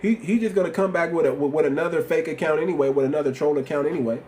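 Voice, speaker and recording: Talking very fast in a fairly high pitch, a man with a slight lisp hosts a livestream with blunt, repetitive, animated slang. The recording carries slight background noise.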